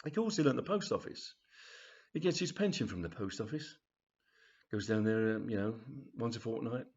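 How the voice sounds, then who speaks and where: A man's voice: mid-range voice, expressive, moderate pace, a little mellow, dull audio. A man telling a comic story in a rambling, chatty way with many fillers. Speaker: author reading his story. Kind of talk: storytelling reading.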